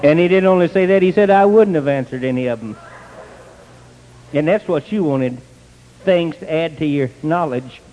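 An older man telling his own story in a plain, folksy way, with bursts of excitement. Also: fairly high pitch, moderate pace, long pauses, highs cut off, slight background noise. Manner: plain country speech, rising to excited outbursts. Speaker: testimony speaker. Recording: long hall reverb.

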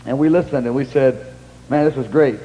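A man's voice: medium pitch, fairly quick, dull audio. Man eagerly retelling a shared story. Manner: lively retelling, acting out quotes, prompting the other man. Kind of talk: conversational retelling. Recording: long hall reverb with faint hum.

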